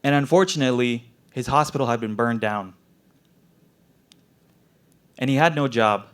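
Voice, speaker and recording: A man's voice: medium pitch, normal speed, fairly bright tone, clear, resonant tone. A young man, a medical student, performing an earnest, emotionally intense spoken word story. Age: young adult.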